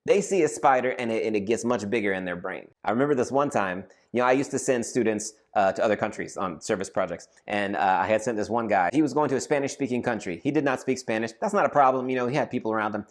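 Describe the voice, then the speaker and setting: A man in his thirties tells a funny story from his life to the camera. His pitch swoops widely as he acts out voices and bursts into shouts, and his delivery stays animated throughout. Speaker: storyteller vlogger. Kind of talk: casual comedic storytelling.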